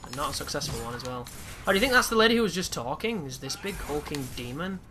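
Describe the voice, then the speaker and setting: A man's voice: a little high, animated, fast talker, background noise. Chatty man commentating a game. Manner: chatty, reacting live, swears at times. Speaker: gaming commentator. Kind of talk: casual gameplay commentary. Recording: loud game music behind.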